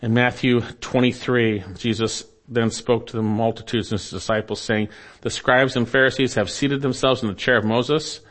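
A pastor preaches a sermon in a steady, mid-range voice, earnest and deliberate. He slows down and drops softer at the ends of phrases for emphasis.

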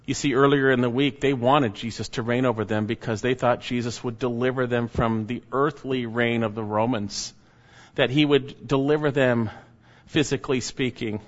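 A man's voice: mid-range voice, fairly even intonation. Man preaching in a reverberant hall. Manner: slow, emphatic preaching that drops quiet at phrase ends. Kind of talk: sermon. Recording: dull lo-fi recording with long hall reverb.

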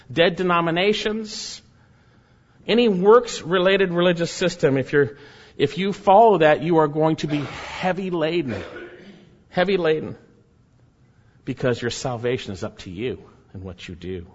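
A man preaching a sermon, emphatic, repeating key phrases and swinging between loud and soft delivery. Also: on the high side, husky. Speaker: pastor. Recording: dull sound with long hall reverb.

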